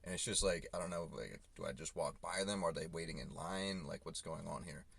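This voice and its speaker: A man's voice: deep voice, fairly quick, gravelly, a bit bright, husky. A delivery driver venting in a loose, rambling way full of swearing, recorded on a phone inside his car. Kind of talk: casual ranting vlog.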